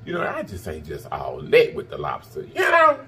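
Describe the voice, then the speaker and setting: A man's voice: huge pitch swings, normal speed, fairly bright tone. A man hosting an eating show, signing off to his viewers in a casual, effusive and affectionate way, blowing kisses and teasing them. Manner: playful and teasing, swinging up high. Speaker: mukbang host.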